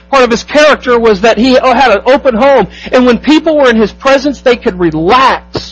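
A pastor preaches an emphatic sermon, asking the congregation rhetorical questions and slowing down to stress key phrases. His voice is very high-pitched, with soft background music and poor audio.

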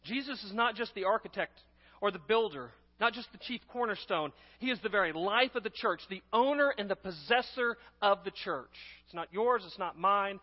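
A man preaching a sermon as pastor, emphatic, swinging between loud stresses and hushed asides. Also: high voice, lively intonation, moderate pace. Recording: long hall reverb, dull lo-fi sound.

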